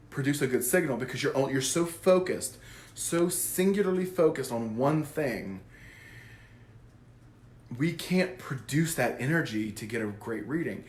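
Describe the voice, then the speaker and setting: A man who works as a psychic medium, explaining his work to camera in a goofy, animated way. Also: mid-range voice, echoey room. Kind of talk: casual talk to camera.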